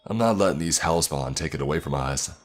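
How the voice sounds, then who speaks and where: Gruff protective dad in a creepy story, stern drawl, super deep voice, a man reading it. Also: expressive, brisk. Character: gruff protective father, middle-aged man.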